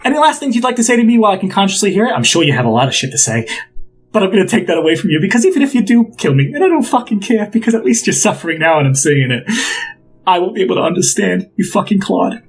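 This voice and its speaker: Villain: snide, taunting henchman, put on by a man in a tabletop game, voice pitched a bit high. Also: sing-song, fast, husky, faint music behind, exaggerated voice. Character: sneering villainous male henchman.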